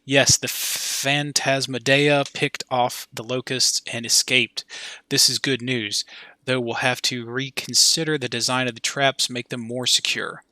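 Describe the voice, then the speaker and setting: A man's voice: mid-range voice, flat delivery, unhurried, pushed and bright, dry recording. A man doing an earnest old cryptozoologist. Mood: grateful. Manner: formal, effusive speech. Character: elderly male cryptozoologist, earnest, grateful, eager.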